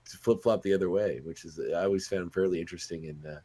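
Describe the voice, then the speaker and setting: A man with a very low voice hosts a casual podcast chat. He talks in a loose, halting way, restarting phrases as he thinks aloud. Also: fairly even intonation, mellow, slightly rough. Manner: chatty, halting, many restarts. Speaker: podcast host.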